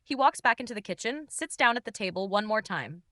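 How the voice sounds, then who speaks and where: A woman's voice: mid-range voice, lively intonation, brisk, sharp tone, no echo, studio quality. A woman narrating a story in the first person, in a cool and dismissive manner.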